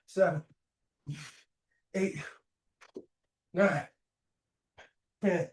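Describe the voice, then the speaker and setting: A male fitness coach leading a live workout, counting reps aloud between short chatty asides, straining from the effort. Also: high voice. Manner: slow, deliberate counting while exercising, with brief chatty asides. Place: indoor gym studio. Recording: echoey gym room.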